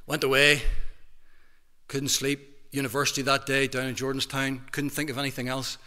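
Northern Irish male minister, 50s, bright and forceful tone, preaching testimony in a church hall. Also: mid-range voice, flat delivery, moderate pace. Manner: emphatic preaching with big swings from hushed to loud. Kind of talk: testimony sermon.

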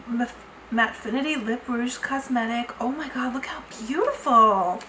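A high-pitched woman talks straight to her viewers in a gushing, effusive way, full of exclamations. Her voice rings in an echoey room, with clear background noise under it. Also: steady tone, moderate pace. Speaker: beauty vlogger. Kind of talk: unboxing vlog chat.

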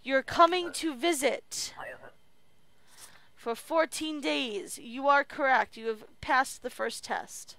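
A woman's voice: sits high, slow pace, bright, forceful tone. A woman streaming a video game and commenting as she plays, often muttering to herself while she works. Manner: talks to herself while working, mutters under her breath. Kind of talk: let's play commentary.

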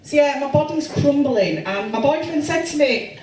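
A woman in her forties performing a stand-up comedy set, self-deprecating and bawdy with deadpan asides. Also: high-pitched, normal speed, far from the mic. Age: 40s. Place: comedy club stage with audience. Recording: roomy live club sound with crowd laughter.

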